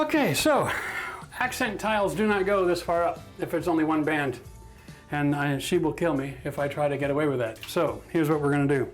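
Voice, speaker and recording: A man with a fairly high voice explains tile work in a casual how-to tone. He talks through each step, pokes fun at his own mistakes and keeps things light. Music runs clearly behind him. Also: moderate pace. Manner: chatty, self-mocking, laughs at his own mistakes. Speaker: DIY renovation host. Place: bathroom under renovation.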